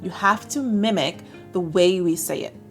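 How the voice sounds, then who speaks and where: A woman's voice: fairly low pitch, moderate pace, soft background music. A woman with an American accent teaching English to camera in a chatty, upbeat way. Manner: chatty, upbeat, acts out example phrases. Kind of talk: explaining lesson to camera.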